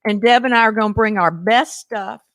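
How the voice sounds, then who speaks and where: A woman humorist, telling stories in casual chat with lively, animated delivery. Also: moderate pace, dry recording, studio quality. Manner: lively, animated storyteller with big pitch jumps. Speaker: guest humorist.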